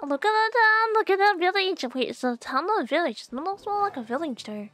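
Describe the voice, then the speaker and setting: A young woman streaming a video game live, chatting to viewers with excitable gasps and squeals. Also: very high-pitched, fairly quick, no echo. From Australia. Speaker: VTuber streamer. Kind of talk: gameplay live stream chat.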